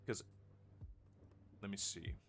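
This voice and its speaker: A man's voice: slow, pushed and bright, faint music behind. A young man in his twenties with a British accent, chatting casually and joking while streaming a game. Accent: British English. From Ukraine. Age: 20s. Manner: rambling, joking, laughs often. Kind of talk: casual live-stream chat.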